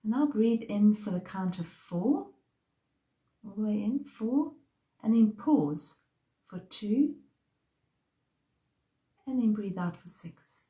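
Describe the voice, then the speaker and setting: A woman leading a slow guided breathing meditation in a soft, calm voice. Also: medium pitch, reverberant, poor audio. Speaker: meditation teacher.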